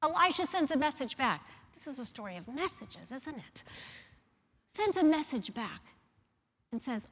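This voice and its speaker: A woman's voice: sits high, big pitch swings, moderate pace, a bit bright. Woman preaching with emphatic storytelling. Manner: storytelling, emphatic, asks the listeners questions. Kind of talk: sermon. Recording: long reverb of a large hall.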